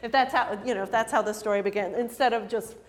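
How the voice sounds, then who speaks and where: A woman's voice: fairly high pitch, quick pace, a little hiss or hum. A woman in her twenties telling a personal story to an audience, chatty and self-deprecating, laughing often between many fillers. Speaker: storyteller and improv performer. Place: lecture hall. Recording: long hall reverb.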